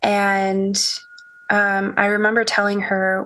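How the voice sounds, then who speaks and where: A young woman telling an emotional personal story as a podcast guest, halting with many restarts and soft laughs. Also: medium pitch, fairly even intonation, creaky.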